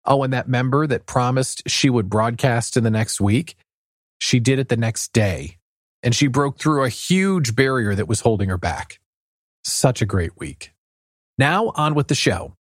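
A man's voice: mid-range voice, animated, a little slow, no echo, clean studio sound. A man hosting a podcast for small business owners, talking in a friendly, conversational way. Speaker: podcast host. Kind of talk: podcast interview.

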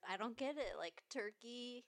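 A woman's voice: fairly high pitch, animated, a little slow, no room sound. A woman in her twenties, co-hosting a casual podcast chat, puzzled and giggly. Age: 20s. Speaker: podcast host.

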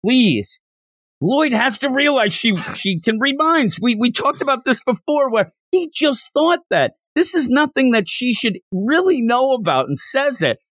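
A man co-hosting a podcast, excitedly retelling a manga chapter in casual chat, rambling with many restarts. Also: extremely high pitch, normal speed, hardly any pauses, no room sound, studio quality. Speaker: podcast co-host. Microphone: podcast microphone.

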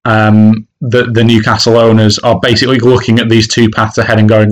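Male podcast co-host with a low voice, relaxed, halting football talk. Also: low-quality recording. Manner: hesitant, many restarts and fillers. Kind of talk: casual football podcast chat.

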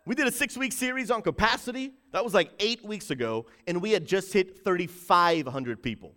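A fired-up male pastor speaking to his online church, voice climbing high and swinging widely in pitch. He builds hype in loud bursts, then drops low and intent to drive a point home, calling on viewers to answer in the chat. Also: expressive, a little fast, few pauses, big-room sound. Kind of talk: livestreamed church announcement.

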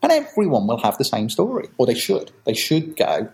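A man's voice: medium pitch, brisk, vocal fry, low-quality recording. A man, a podcast guest talking casually and acting out quoted reactions in playful voices. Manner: animated, acts out quoted reactions with jokey voices. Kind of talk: casual conversational interview.

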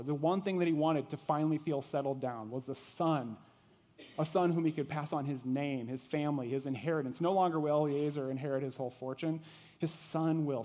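A man preaching a sermon in a conversational way, asking his listeners questions and dropping to a quiet intensity on key points. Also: mid-range voice. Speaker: pastor. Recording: long reverb of a large hall.

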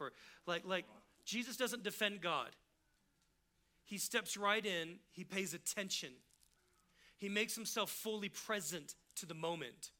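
A male pastor gives a sermon in a high voice with a very bright, forceful edge, speaking a little slowly. His delivery is casual and emphatic, and he acts out the people he quotes.

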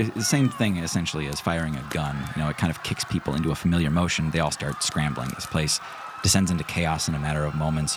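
A man running a tabletop role-playing game, describing the scene in a calm, steady narration. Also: rumbling low, background noise. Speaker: game master. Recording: music bed behind.

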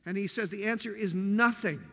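High-voiced pastor preaching in a reverberant church. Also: male voice, fairly quick, creaky, a bit bright. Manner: earnest, emphatic preaching with rhetorical questions. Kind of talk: sermon. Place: church sanctuary.

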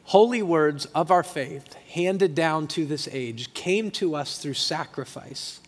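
A middle-aged pastor with a fairly high-pitched, slow voice preaches passionately and emotionally, repeating himself for emphasis. The sermon takes place in a church sanctuary, and the sound has a long hall reverb.

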